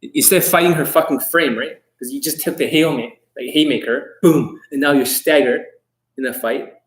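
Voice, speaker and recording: Male dating coach on a live stream, blunt and foul-mouthed, voice sits a bit high. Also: normal speed. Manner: blunt, profane and brash; answers viewers' questions.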